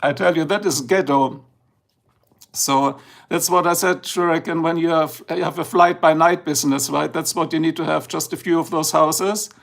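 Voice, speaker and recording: A middle-aged German-accented man hosts a livestream in loose, rambling chat, slipping between English and German. His voice sits a little high and has a gravelly, creaky edge. He sounds freshly woken up. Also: fairly even intonation, normal speed, a bit bright. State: just woken up. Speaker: livestream host. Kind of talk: casual livestream talk.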